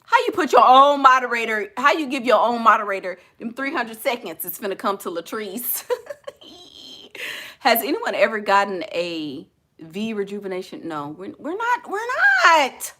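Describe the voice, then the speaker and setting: A woman hosting a casual live chat, sassy and teasing and quick to laugh. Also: a little high, very animated, pushed and bright. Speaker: livestream host.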